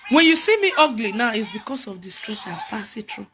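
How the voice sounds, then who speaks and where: A slightly high, expressive voice belongs to a young Nigerian vlogger whose Nigerian accent comes through as she talks briskly. She is weeping and begging for help to the camera, repeating herself, over background music.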